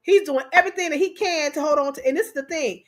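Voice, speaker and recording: A woman's voice: high-pitched, fast. A woman hosting a livestream, chatting casually and playfully with her viewers and laughing often. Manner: animated, laughing, talks straight to viewers. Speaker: live stream host.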